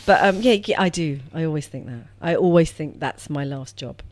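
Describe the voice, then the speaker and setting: A woman's voice: deep voice, normal speed, no echo. A middle-aged woman, chatting as a podcast guest and often restarting her sentences. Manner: chatty, warm, frequent restarts and self-corrections. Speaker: guest actress. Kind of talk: casual podcast interview.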